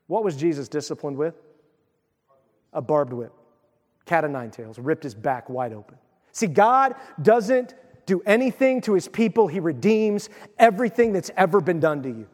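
A man preaching with a high, lively voice that rings out in a long reverberant hall. He reads scripture and slips into quick, playful voices for the figures in the story, then drops low and quiet for the serious points. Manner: animated, acts out voices of biblical figures. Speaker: pastor. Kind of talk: sermon.

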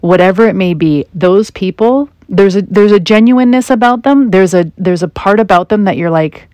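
A woman giving a conversational motivational talk, slipping into animated quoted asides. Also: mid-range voice, moderate pace, no echo. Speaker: self-help speaker.

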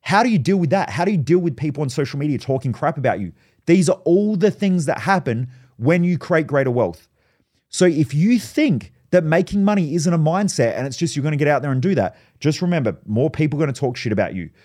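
A man's voice: fairly high pitch, animated, brisk, warm tone. A man hosting a solo podcast, telling stories in a blunt, profane way. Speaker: podcast host.

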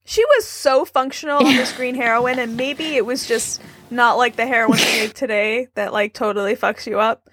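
A woman's voice: fairly high pitch, moderate pace, hardly any pauses, noisy background. A woman from New York co-hosting a casual movie-review chat, goofy and sarcastic, laughing often. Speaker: podcast co-host.

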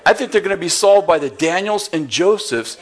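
A man's voice: sits high, expressive, a little fast, noisy background. A man preaching a sermon, telling a story with acted-out dialogue and bursts of laughter. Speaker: pastor.

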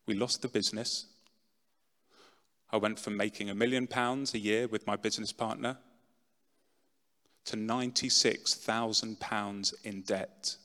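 A middle-aged man giving a dramatic personal testimony talk, swinging from loud, pushed lines to hushed ones. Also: on the low side, steady tone, a little slow, pauses often. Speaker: speaker telling his testimony. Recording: long reverb in a large hall.

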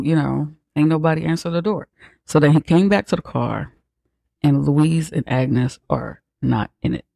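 A man's voice: mid-range voice, creaky, warm tone, dry recording. A man hosting a podcast, retelling a film in a casual, profane, sarcastic way. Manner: profane, sarcastic, slangy storytelling. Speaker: podcast host recapping a film. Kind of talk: casual movie recap.

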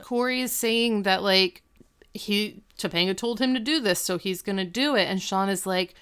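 Female co-host, mid-pitched, clear smooth tone, casual animated recap chat. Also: normal speed. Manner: animated, retells scenes and acts out the characters' lines. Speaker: podcast co-host.

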